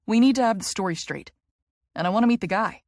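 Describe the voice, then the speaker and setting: A joking, protective young brother in a romance audiobook, speaking in a dry, close voice at an ordinary middle pitch, as a woman narrator reads him. He teases in quick bursts of brotherly banter. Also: darkish tone, no room sound, lightly acted. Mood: teasing. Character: teasing, protective young adult man, a twin brother.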